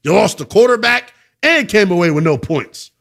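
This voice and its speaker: A man hosting a sports radio show, talking with emphatic, opinionated passion that swings from loud to subdued. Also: high voice, expressive, moderate pace, creaky.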